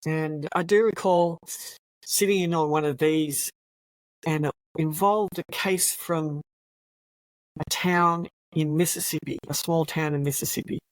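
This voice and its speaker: A woman's voice: low voice, unhurried, dry recording, poor audio. An older woman with an Australian accent, a retired police officer telling anecdotes as a guest, chatty and laughing often.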